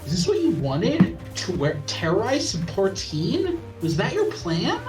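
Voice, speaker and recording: A man reading the lines of an earnest young man who pleads gently with a friend to calm down. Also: sits high, measured pace, far from the mic, music in the background, exaggerated voice, low-quality recording. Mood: pleading.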